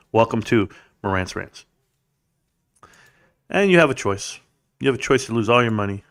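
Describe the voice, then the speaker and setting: A man's voice: medium pitch, fairly bright tone. A man hosting a live stream, ranting in a blunt, combative way and swearing. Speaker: livestream host. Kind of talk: heated ranting commentary.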